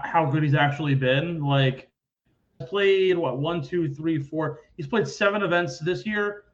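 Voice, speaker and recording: A man hosting a casual sports podcast, talking in an animated, rambling way and acting out quoted people loudly. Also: on the high side, highs cut off. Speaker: podcast host.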